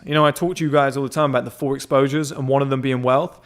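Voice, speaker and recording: A young man telling a rambling, excited story in casual chat, swearing often and filling with "like" and "whatever". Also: mid-range voice, racing, hardly any pauses. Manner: excitable, swears a lot, rambling with many fillers. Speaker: members club founder telling a story.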